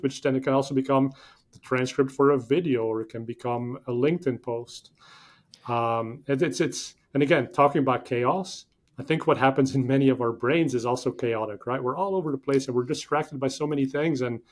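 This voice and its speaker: Animated man explaining ideas in conversation. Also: mid-range voice. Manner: enthusiastic, rambling explanations with many fillers. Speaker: podcast guest. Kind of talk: conversational interview.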